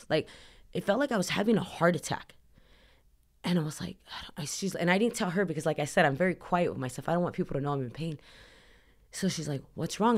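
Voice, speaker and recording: A woman's voice: deep voice, a little mellow. A woman from Southern California, a podcast guest telling a personal story in a rambling, earnest way, full of "like" fillers. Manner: rambling, heavy use of "like"; earnest, emotional retelling.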